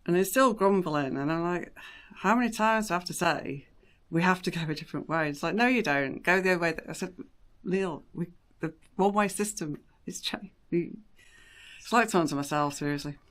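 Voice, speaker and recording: Middle-aged woman, vlog co-star, exasperated storyteller with a bright, sharp tone. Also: fairly low pitch, normal speed. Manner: exasperated storytelling, complains she is not listened to. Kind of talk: casual banter.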